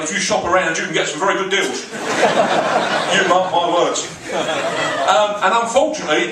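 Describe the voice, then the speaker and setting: A South London man in his forties doing crude, self-deprecating stand-up comedy with a deadpan touch. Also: sits high, noisy background. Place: comedy club. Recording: echoey club from a distance.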